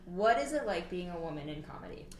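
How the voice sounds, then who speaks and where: A woman's voice: fairly low pitch, big pitch swings, fast talker, roomy sound, a crowd in the background, low-quality recording. A woman hosting a casual interview, asking questions and agreeing often with short replies. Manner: agreeable, gives frequent short assents. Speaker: host. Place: kitchen.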